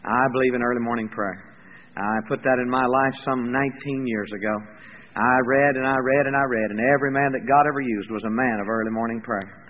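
A middle-aged man preaching a revival sermon, folksy and chuckling, moving from soft asides to loud preaching. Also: mid-range voice, fairly even intonation, a little fast. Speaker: evangelist. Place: large campus hall. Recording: tinny lo-fi hall recording, faint hiss.

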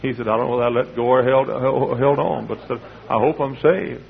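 Older preacher on an old radio broadcast. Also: male voice, mid-range voice, fairly quick, creaky, husky, phone-quality sound. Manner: folksy storytelling with sudden shouted climaxes. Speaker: pastor. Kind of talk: sermon.

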